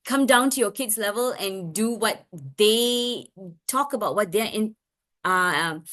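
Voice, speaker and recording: A woman speech therapist giving a parenting webinar talk, chatty, with many fillers and restarts. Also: medium pitch. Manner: acts out lively sing-song examples.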